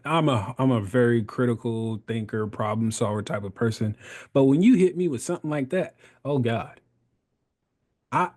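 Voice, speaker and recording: A man's voice: mid-range voice, darkish tone. A man in his thirties, a podcast guest, telling his story in casual conversation, laughing often and acting out the voices he quotes.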